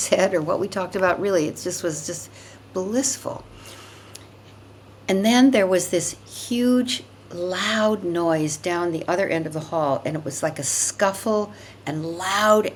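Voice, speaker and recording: A woman's voice: lowish voice, slight background noise. An older woman, a podcast guest, telling a personal story in a vivid, emphatic way, often repeating words for effect.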